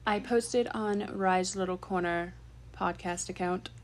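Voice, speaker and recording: A woman's voice: medium pitch, steady tone, unhurried. A young woman co-hosting a podcast over a remote call, chatting casually, swearing offhand and laughing often. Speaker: podcast co-host. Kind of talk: casual chat.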